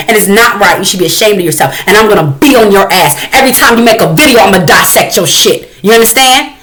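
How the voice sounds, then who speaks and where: A woman's voice: mid-range voice, lively intonation, fast talker, few pauses, a bit bright, low-quality recording. A woman hosting a reaction commentary, talking in an angry, confrontational and profane way. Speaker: commentary host.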